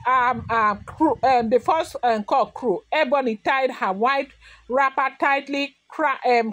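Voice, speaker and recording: A woman hosting a gossip channel, telling a story to viewers in an unscripted way with many fillers and self-corrections. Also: high-pitched. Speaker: celebrity gossip channel host.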